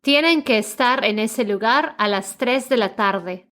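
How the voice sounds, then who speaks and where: A woman's voice: fairly high pitch, normal speed, a bit bright. A woman reading example sentences for a language lesson, repeating each one carefully as a pronunciation model. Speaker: native-speaker example reader.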